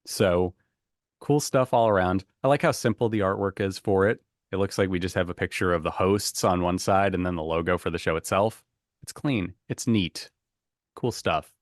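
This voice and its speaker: A man hosting a podcast quiz game, chatty and quick to laugh as he reads out the options. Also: sits low, dry recording, studio quality. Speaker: quiz host.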